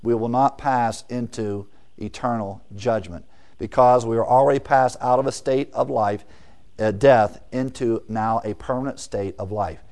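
A man's voice: medium pitch, measured pace. Emphatic preacher man teaching scripture. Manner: emphatic, swings between loud stresses and quiet asides; asks the audience questions and answers them. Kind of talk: sermon, verse-by-verse teaching.

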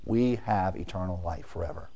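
A man's voice: sits low, normal speed. Emphatic preacher man teaching scripture. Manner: emphatic, swings between loud stresses and quiet asides; asks the audience questions and answers them. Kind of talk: sermon, verse-by-verse teaching.

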